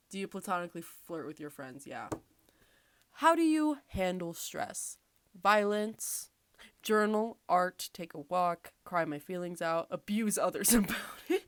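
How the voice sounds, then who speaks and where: A woman with a smooth, lowish voice hosts a casual podcast, recorded with no room sound. She reads quiz questions aloud, adding sarcastic, swear-filled asides and laughing often.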